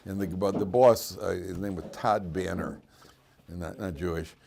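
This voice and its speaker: A man's voice: low-pitched, steady tone, normal speed, creaky, background noise. A middle-aged man giving an informal Torah class in a classroom, joking and rambling with many restarts and fillers. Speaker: rabbi teaching a class.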